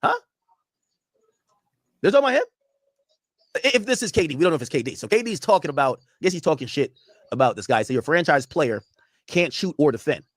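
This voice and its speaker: Fast, lively young male streamer. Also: fairly high pitch, no room sound, studio quality. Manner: animated, profane, rambling banter with chat. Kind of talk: casual live-stream reaction.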